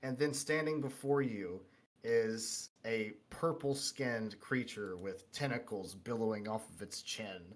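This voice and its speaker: A man's voice: fairly low pitch, unhurried. A man narrating a tabletop game as game master, casual and full of "um" and "uh". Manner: casual, with filler "um" and "uh".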